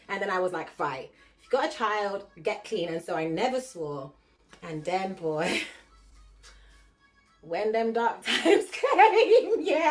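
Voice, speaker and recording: A woman hosting a casual livestream, chatting with viewers and reading cards. She laughs often and mixes patois with London slang. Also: a little high. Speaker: livestream host and card reader.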